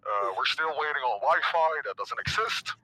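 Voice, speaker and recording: A man doing an improvised pilot announcement for laughs, polite airline phrasing broken by crude deadpan jokes. His voice is markedly bright and sits a little high, and he keeps a mock-formal cabin-speech delivery throughout. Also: moderate pace, a little hiss or hum, poor audio. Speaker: streamer in a co-op game stream.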